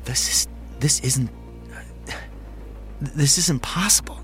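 A man's voice: medium pitch, sing-song, normal speed, fairly bright tone, soft background music, pitched above the performer's own voice. A man voicing a nervous young husband in a horror story, tense and hesitant, stumbling over his words. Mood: shaken. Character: anxious young husband, cautious and shaken. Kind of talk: dramatic horror story reading.

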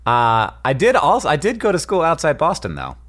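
A man co-hosting a podcast who reads listener letters and banters in a playful, quick way. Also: on the high side, wildly swooping pitch, a bit bright. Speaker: podcast co-host. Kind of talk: casual chat and reading listener questions.

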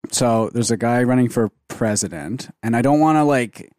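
A man's voice: medium pitch, moderate pace, a little mellow, no room sound, studio quality. A man co-hosting a casual comedy podcast, rambling with lots of fillers and amused by his own jokes. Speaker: podcast co-host. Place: Canadian studio show.

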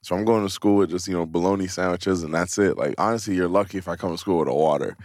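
A man's voice: deep voice, fast, darkish tone, no echo, clean studio sound. A man hosting a podcast, asking playful questions and telling stories in casual banter. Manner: curious, playful questioner, laughs easily. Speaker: podcast host. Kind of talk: casual chat.

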